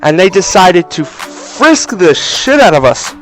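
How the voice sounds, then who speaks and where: A young man casually telling a story for a vlog, animated and swearing freely, on a cheap mic. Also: high-pitched, unhurried, faint music behind. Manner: animated, profane, acts out voices. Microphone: cheap low-quality mic.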